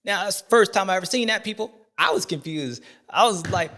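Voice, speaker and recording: Animated bright-voiced male host. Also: very high-pitched, quick pace, few pauses. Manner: animated, slangy, with dramatic outbursts. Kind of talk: casual commentary.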